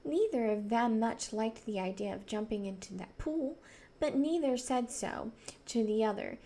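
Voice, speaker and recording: A woman reading a children's novel aloud in a soft voice, gently voicing the children. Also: on the high side, animated, moderate pace. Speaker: reader.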